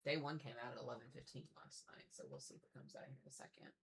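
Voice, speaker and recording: A man's voice: medium pitch, steady tone, rapid-fire, creaky, a bit bright, slight background noise. A man hosting a casual weather livestream, chatting and thinking aloud as he waits for new forecast data to load. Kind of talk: casual live-stream weather commentary.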